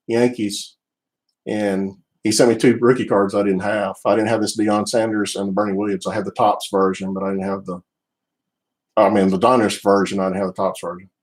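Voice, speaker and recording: With a fairly low voice captured in a low-quality recording, a middle-aged Southern US man rambles casually while live streaming from his home office. He's laid-back and frequently starts over mid-thought.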